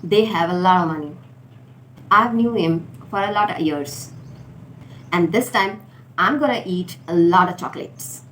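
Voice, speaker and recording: A woman teaching informal contractions, repeating each word slowly for learners. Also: on the low side, fairly bright tone. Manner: slow, deliberate drilling of words. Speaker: English teacher. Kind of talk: spoken English lesson for learners. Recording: faint background noise.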